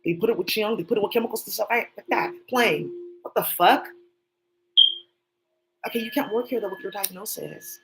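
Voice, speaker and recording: Over a noisy background, a mid-range female channel host rattles off a fast, swear-laden, unscripted ramble. She keeps addressing people who aren't actually present.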